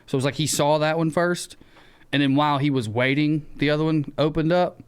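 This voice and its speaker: Southern male podcast co-host, slightly high and smooth voice, casual storyteller who acts out the yelling. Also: fairly quick. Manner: animated storyteller who acts out shouted quotes and swears freely.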